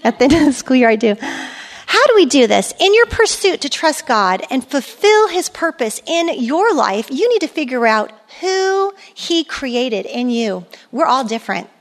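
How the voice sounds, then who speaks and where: A woman's voice: high voice, very animated, normal speed, hardly any pauses. A middle-aged woman giving a sermon at a women's church gathering, conversational and emphatic, repeating her key phrases. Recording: long hall reverb.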